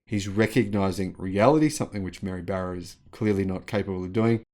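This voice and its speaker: A man's voice: deep voice, brisk, darkish tone. Chatty, sarcastic man hosting a vlog. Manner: chatty, sarcastic, laughs at the news. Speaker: channel host. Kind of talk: news commentary vlog.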